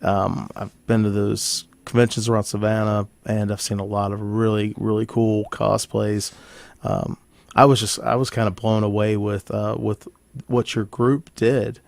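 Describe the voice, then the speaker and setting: A man's voice: on the low side, flat delivery, unhurried, vocal fry, a little mellow, no room sound. A man hosting an interview podcast, chatting in an easygoing way. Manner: easygoing, many restarts and fillers. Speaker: podcast host. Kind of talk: casual interview chat.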